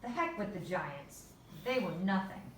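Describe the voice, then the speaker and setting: A woman reading a children's story aloud in a measured, unhurried way. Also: lowish voice, lively intonation, slight background noise. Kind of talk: storybook narration. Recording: echoey room, voice from far off.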